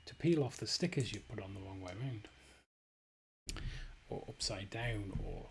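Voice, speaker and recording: A man's voice: on the low side, unhurried, a little hiss or hum. Man muttering while building a model. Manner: rambling, self-mocking, muttering to himself with fillers. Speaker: streamer building a model kit. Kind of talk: casual live-stream commentary.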